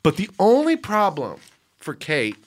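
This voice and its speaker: Snarky cohost, crude deadpan jokes, pitch all over the place. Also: unhurried. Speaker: podcast co-host. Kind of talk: casual chat.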